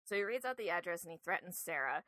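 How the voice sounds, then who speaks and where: A woman's voice: lowish voice, lively intonation, fast talker, bright, forceful tone, no room sound. A woman co-hosting a podcast, casually recapping a film and animatedly acting out characters' lines as she retells it. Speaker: podcast co-host.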